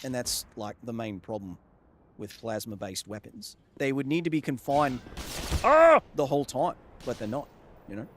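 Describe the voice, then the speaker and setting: Loud game gunfire and ambience play behind this man's medium-pitched voice, along with a little hiss or hum. Talking at normal speed during a live gameplay stream, he yelps when enemies surprise him and gives his chat long explanations of science.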